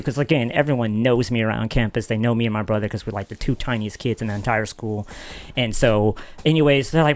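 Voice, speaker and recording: A man's voice: mid-range voice, fairly quick, dry recording. A man, a podcast producer, telling a story in casual chat and acting out the voices in it. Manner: animated, acts out voices in his stories.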